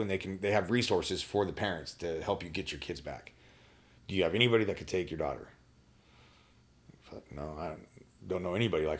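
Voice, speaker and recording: A man with a very low, deep voice tells a personal story on a podcast. He talks bluntly and swears freely. He often stops and restarts his sentences. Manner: blunt, profane, halting with restarts. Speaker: podcast guest.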